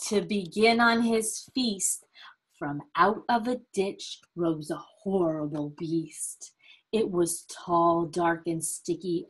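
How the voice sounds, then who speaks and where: A woman reading a picture book aloud to a child, slow and expressive, with gasps and prompting questions. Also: on the low side, breathy edge. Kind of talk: storybook read-aloud.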